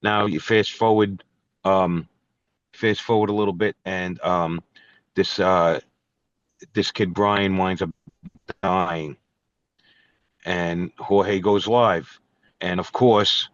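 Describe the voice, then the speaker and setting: A man's voice: sits low, fairly even intonation, slow pace, long pauses, no room sound. A middle-aged man, a guest telling his side of a feud and calling someone out in a profane, confrontational way. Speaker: guest musician. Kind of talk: angry storytelling and call-out. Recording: dull, dry studio recording.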